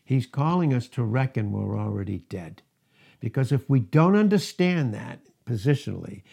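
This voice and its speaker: A man's voice: mid-range voice, vocal fry, a little mellow. A male pastor preaching a sermon, emphatic, with rising and falling intensity.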